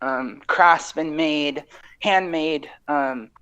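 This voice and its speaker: A man in casual podcast chat, halting and full of fillers as he sets up a joke. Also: fairly high pitch, bright, forceful tone, smooth, highs cut off. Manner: slow, halting, many fillers. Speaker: podcast co-host.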